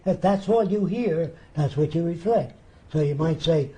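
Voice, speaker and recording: An older man, a TV interview guest, tells his stories with animation and slips into the voices of the people he quotes. His voice is fairly high for a man, yet dark and mellow in tone. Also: expressive, normal speed, rough recording. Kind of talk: storytelling in a TV interview.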